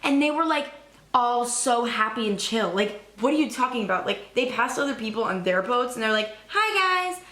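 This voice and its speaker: Rambling, excitable young woman vlogger. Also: on the high side, fairly quick, echoey room. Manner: rambling, excitable, swears casually. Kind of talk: casual chat.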